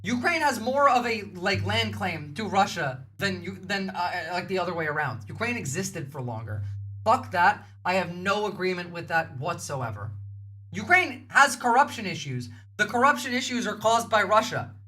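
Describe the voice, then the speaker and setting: A woman's voice: on the low side, lively intonation, normal speed, pushed and bright, a little hiss or hum. A woman, giving blunt, heated livestream commentary and swearing freely. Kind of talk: casual reaction commentary.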